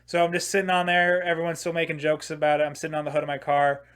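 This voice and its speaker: With a fairly high, monotone voice that is bright, clear and resonant, a young podcast host in his twenties races through a long, funny story. It's rambling and profane, packed with filler words and "like," and he keeps laughing at his own jokes.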